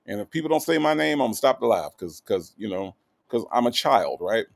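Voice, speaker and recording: Gravelly, animated male livestream host. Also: on the low side, quick pace. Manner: animated, teasing, greets viewers one by one. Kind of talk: casual livestream chat reading viewer comments.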